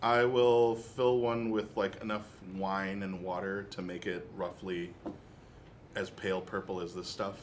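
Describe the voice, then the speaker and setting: A man with a lowish voice describes his character's moves at a tabletop game in a plain, matter-of-fact way. The recording has clear background noise. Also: flat delivery, measured pace. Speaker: player. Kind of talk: casual tabletop game play.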